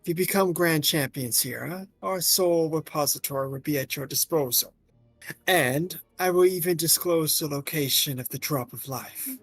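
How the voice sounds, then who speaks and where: A man voicing a scheming villainous male president, speaking very deep, slow and menacing, with faint music behind. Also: a bit bright, no echo.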